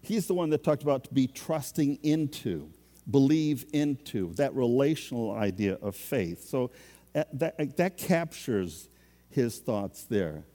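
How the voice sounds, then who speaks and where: A man's voice: mid-range voice, big pitch swings, a little slow, dark tone, big-room sound. A man preaching a sermon as a pastor, in a conversational, self-deprecating way.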